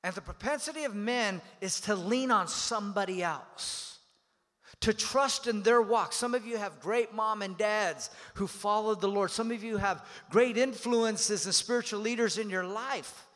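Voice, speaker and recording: A man's voice: high voice, a little slow. A man preaching a sermon as pastor, emphatic and dynamic, calling on the congregation to repeat phrases. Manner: dynamic preaching with swings in loudness. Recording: long hall reverb.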